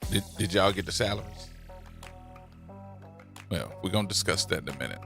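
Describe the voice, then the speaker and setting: A man hosting talk radio, colloquial and excitable in his commentary. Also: low-pitched, fairly quick, vocal fry, music in the background. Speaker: radio talk show host. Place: radio studio.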